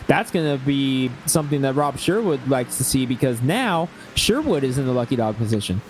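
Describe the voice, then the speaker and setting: A man's voice: medium pitch, expressive, normal speed, poor audio. A man giving color commentary on a sim race over an online call, chatty and asking his partner questions. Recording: online call with faint noise.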